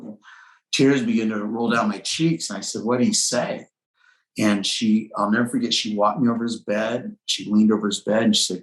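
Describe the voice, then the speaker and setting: A man's voice: on the low side, steady tone, fairly quick, creaky. A middle-aged man, a pastor, telling a personal testimony in earnest storytelling style in an interview. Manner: earnest storytelling, quoting dialogue, shifting pace. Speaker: pastor, guest. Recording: roomy echo.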